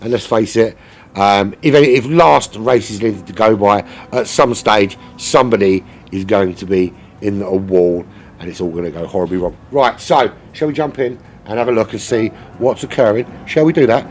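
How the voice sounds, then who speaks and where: A man's voice: fairly low pitch, normal speed, a little hiss or hum. Joking man commentating sim racing. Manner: rambling, jokey, swears casually. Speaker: race commentator.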